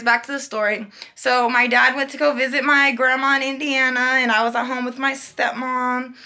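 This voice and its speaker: A young woman tells a personal story in a chatty, animated way, slipping into the voices of the people she quotes. Her voice sits fairly high, with a gravelly fry and a bright, sharp edge. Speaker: vlogger. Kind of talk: casual storytelling.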